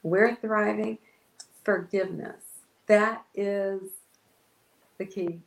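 A woman's voice: medium pitch, fairly even intonation, takes it slowly, creaky, roomy sound, poor audio. A woman pastor telling an emotional personal story in an interview, acting out her own past words. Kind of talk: testimony in an interview.

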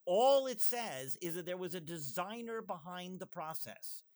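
A man in casual conversation, talking in animated bursts with frequent asides and restarts. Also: sits high. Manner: animated, fast asides and self-interruptions. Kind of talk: conversational discussion.

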